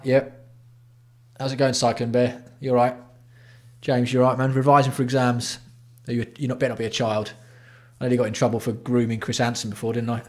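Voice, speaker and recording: A man from England hosting a casual livestream, greeting viewers by name with blunt, sweary banter. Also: mid-range voice. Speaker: livestream host.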